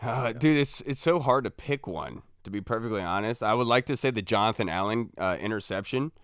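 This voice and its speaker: A man hosts a casual sports podcast with a smooth, clear voice. The sound is dry and close, with no room around it. He keeps the chat upbeat and throws in "dude" often. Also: on the low side, brisk, fairly bright tone, dry recording. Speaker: podcast host.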